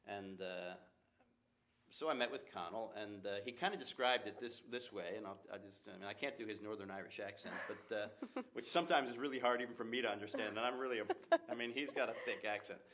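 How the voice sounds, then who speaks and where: Brief: man with a lowish voice, an eager theater director telling stories in an interview. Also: brisk, noisy background. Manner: enthusiastic, storytelling. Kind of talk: interview answers.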